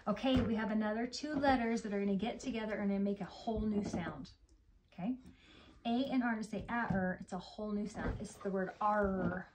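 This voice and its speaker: A woman giving a child a patient, encouraging phonics lesson and reading a story aloud slowly. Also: medium pitch, background noise. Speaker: phonics teacher.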